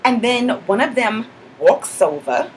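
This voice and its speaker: A woman's voice: on the high side, sing-song, a little slow, background noise. A woman playing a sassy, self-assured young clubgoer who chatters in a mock-indignant way, filling every sentence with "like.". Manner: chatty, filler-heavy with constant "like". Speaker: comedic character monologue. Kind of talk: character comedy vlog.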